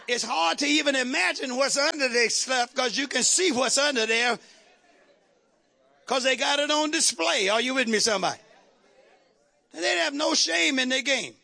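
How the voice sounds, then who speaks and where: A man preaches a fervent sermon, drawing out verses and calling on the congregation to answer. His voice sits very high and gravelly, with a bright, forceful edge. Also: moderate pace, long pauses, some chatter behind. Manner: fervent, shouting call-and-response preaching. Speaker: pastor.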